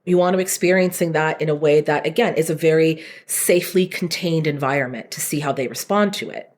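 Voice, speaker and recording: A woman guests on a podcast, chatting casually and animatedly about dog training with plenty of fillers. Her voice is deep and fairly quick.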